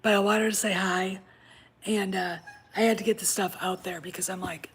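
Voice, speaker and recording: Background noise runs under a woman's gravelly mid-range voice as she hosts a casual vlog from home, a puppy close by. She talks bluntly, with profanity and asides delivered in a conspiratorial tone.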